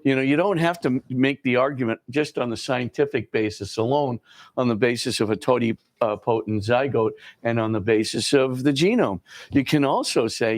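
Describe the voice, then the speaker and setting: A man's voice: mid-range voice, normal speed, no echo. Man lecturing loosely, close and dry. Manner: conversational, many fillers, acts out quoted dialogue. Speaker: priest lecturing a class. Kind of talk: informal lecture.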